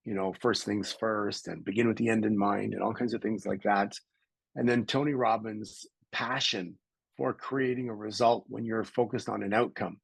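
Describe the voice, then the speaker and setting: A middle-aged man from Canada, a podcast guest telling stories in a lively conversational way and acting out the voices of people he quotes. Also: on the low side, creaky, husky, no echo, poor audio. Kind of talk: conversational storytelling.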